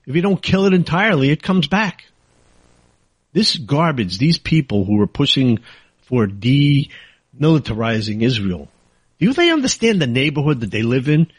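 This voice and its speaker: A man's voice: medium pitch, no room sound. A man hosting a political talk show, ranting angrily and sarcastically in a monologue. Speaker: talk radio host.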